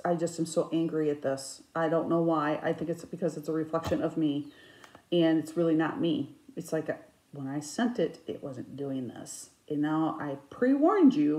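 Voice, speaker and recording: A woman with a lowish voice talks about her stitching, chatty and rambling. She now and then bursts into animated outbursts. The room around her sounds echoey. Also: normal speed, a little hiss or hum. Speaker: cross stitch vlogger. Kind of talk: casual chat.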